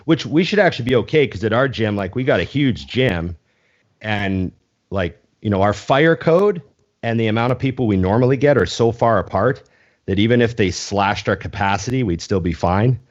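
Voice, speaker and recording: Chill podcast host guy, lowish voice, cusses casually, muffled sound. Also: moderate pace. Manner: laid-back, swears casually. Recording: dull lo-fi podcast audio.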